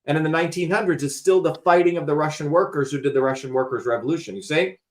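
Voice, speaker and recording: A man with a slightly high-pitched voice lectures his guest with insistent emphasis. He explains at length in loose, conversational talk and swears casually along the way. He is the host of the show. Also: fast talker. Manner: emphatic, lecturing, curses freely.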